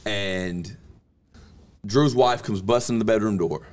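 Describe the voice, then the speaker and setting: A man, hosting a podcast and telling a story in a lively, laughing way that bursts into yelling. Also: lowish voice, unhurried. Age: 30s. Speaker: podcast host. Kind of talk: casual storytelling chat.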